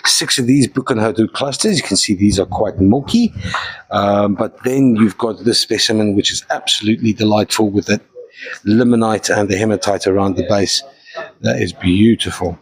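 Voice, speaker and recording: A man's voice: on the low side, normal speed, husky, low-quality recording. A man hosting a live mineral and fossil sale, talking casually and enthusiastically, with jokey asides. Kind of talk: casual live sales presentation.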